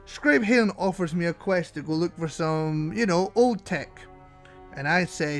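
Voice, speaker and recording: High-voiced wry gaming narrator, a man. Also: animated, measured pace, faint music behind. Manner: wry, self-mocking, jokey. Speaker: gaming channel host. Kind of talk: gameplay commentary voice-over.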